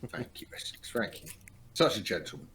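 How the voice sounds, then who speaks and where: A man's voice: on the low side, sing-song, brisk, a bit bright. Guy hosting a group call, jokey and laughing a lot, bit of faint hiss behind him. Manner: laughing, joking banter. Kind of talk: casual group chat.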